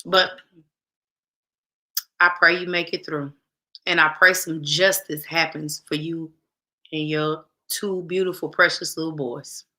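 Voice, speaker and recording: Bright-toned woman host, emphatic and repetitive. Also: deep voice, steady tone, measured pace, pauses often. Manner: emphatic, repeats phrases, speaks directly to viewers. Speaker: show host. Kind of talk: casual talk show monologue.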